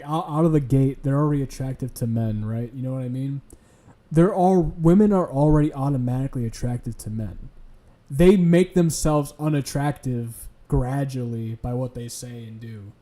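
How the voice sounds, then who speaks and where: A man's voice: fairly high pitch, warm tone. A young man streaming late at night, rambling and swearing casually as he chats. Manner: rambling, profane, chuckling.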